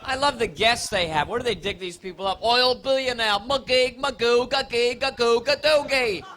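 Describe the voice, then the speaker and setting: A man's voice: very high-pitched, normal speed, sharp tone. A man doing a live stand-up set in a comedy club, rambling playfully and teasing the audience.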